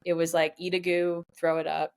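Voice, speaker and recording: Low-voiced woman in her 20s, pro triathlete, casual chatty race story on a podcast. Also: level tone, normal speed. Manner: chatty and candid, relives moments by quoting herself and others. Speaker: professional triathlete guest.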